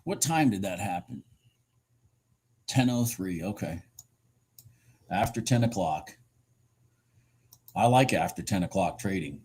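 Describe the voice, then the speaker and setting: Excitable husky man trading live. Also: low voice, takes it slowly, long pauses. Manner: excitable, swears casually, talks to himself. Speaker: futures trader streaming live.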